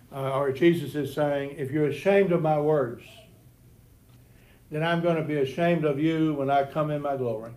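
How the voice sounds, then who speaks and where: In a church classroom, a Sunday school teacher gives a Bible lesson to a group, his voice on the high side and a little mellow. He often repeats words and starts over, mentioning that he has always stuttered.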